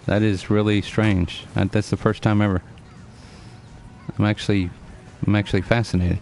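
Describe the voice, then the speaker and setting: A man's voice: fairly low pitch, little pitch movement, moderate pace, creaky, darkish tone, a little hiss or hum. A man in his forties chatting earnestly to his live-stream audience, lecturing and repeating himself as he answers viewers by name. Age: 40s. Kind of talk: casual live-stream chat.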